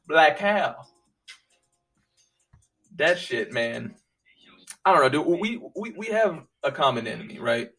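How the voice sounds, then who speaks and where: A man ranting profanely, swinging from low muttering to loud, high-pitched outbursts. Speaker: commentator. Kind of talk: profane political rant. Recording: voice a bit far from the mic, faint music behind.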